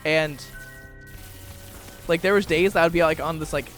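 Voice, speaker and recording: A man's voice: on the high side, steady tone, moderate pace, fairly bright tone, faint music behind. A man in his twenties casually chatting while playing a game, rambling through stories with lots of fillers. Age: 20s. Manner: rambling storytelling with many fillers. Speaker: gaming YouTuber. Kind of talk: casual let's-play commentary.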